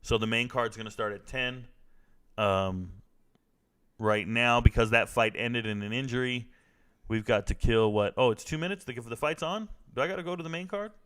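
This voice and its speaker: Smooth-voiced man trash-talking on stream. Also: medium pitch, moderate pace, fairly bright tone. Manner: joking, trash-talking, slangy. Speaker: livestream host reacting to fights. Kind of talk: casual live-stream chat reading viewer comments.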